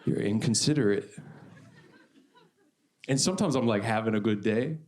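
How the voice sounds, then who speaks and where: A man doing a stand-up set on a club stage, deadpan and self-deprecating, repeating lines for effect. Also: on the low side, moderate pace, a little hiss or hum. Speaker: stand-up comedian. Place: comedy club stage before a live audience. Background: audience laughter.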